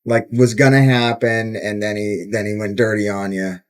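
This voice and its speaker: A man's voice: on the low side, flat delivery, moderate pace. A man hosting a casual interview, with brief reactions and stammering restarts. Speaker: podcast host.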